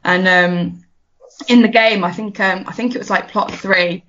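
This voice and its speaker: A woman's voice: mid-range voice, fairly even intonation, unhurried, fairly bright tone. A woman, a podcast guest chatting casually, laughing often and restarting her sentences. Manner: giggly, stammering restarts. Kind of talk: casual chat. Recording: dull lo-fi audio.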